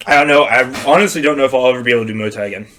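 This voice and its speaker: A man's voice: mid-range voice, rapid-fire, sharp tone. A man in his thirties hosting a casual chat, joking and swearing freely as he tells stories. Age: 30s. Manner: joking, profane banter. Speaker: podcast host; bartender.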